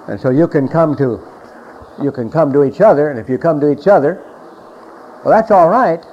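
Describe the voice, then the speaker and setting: A middle-aged man preaching a sermon emphatically, repeating phrases and swinging between loud and quiet. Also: on the high side. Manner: emphatic, repeats phrases, rises and drops in volume. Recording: dull lo-fi recording with faint hiss.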